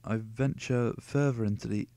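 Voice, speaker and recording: A man's voice: medium pitch, fairly even intonation, normal speed, gravelly, dark tone, no echo. Sarcastic man reading a novel aloud. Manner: sarcastic, cuts in with profane asides. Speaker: reader of a novel.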